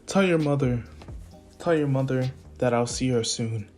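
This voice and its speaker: A man voicing a grave demigod father who speaks solemnly and deliberately. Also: mid-range voice, darkish tone, soft background music, close to an everyday voice.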